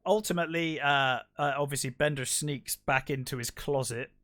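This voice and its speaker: A man's voice: on the high side, moderate pace, fairly bright tone. A man co-hosting a podcast, chatting casually about a film with short agreeing replies. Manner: brief agreeing interjections. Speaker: podcast co-host.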